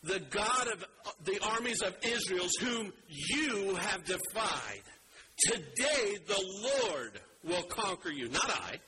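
A male pastor delivering a sermon, his voice on the higher side for a man and pushed hard for emphasis. He drives his points home with loud, dramatic stress. A steady hiss runs under the recording. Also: takes it slowly.

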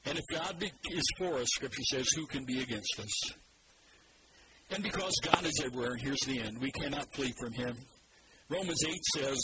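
A man preaching a sermon, animated and leading the congregation in repeating scripture after him. His voice sits at an ordinary middle pitch. A heavy wash of background noise runs under the whole recording.

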